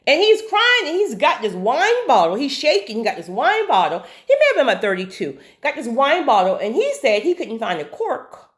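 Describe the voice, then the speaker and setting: Woman vlogging a wild story, kinda high voice, swoops all over, lots of "right?" and "honey". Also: moderate pace, hardly any pauses. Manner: animated, chatty, with asides like "right?" and "honey"; faith-based talk of God and spirits. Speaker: vlogger telling a personal story. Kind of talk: casual storytelling.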